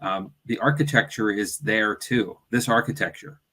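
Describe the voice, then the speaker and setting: Lower-voiced chatty man. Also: normal speed, bright, forceful tone. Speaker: paranormal investigator co-host. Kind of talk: casual discussion.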